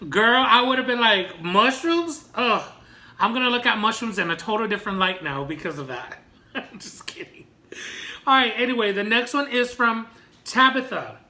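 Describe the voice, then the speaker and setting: Woman, vlogger, casual chat while eating, joking, fairly high voice, bright tone. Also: moderate pace. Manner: laughs easily, chatty and joking. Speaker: mukbang vlogger.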